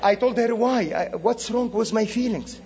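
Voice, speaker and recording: Animated man preaching in an echoing hall. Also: high-pitched, moderate pace, vocal fry, background noise. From Middle East. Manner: animated storytelling with quoted dialogue. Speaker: guest speaker. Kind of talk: sermon. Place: church sanctuary. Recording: dull lo-fi recording in a reverberant hall.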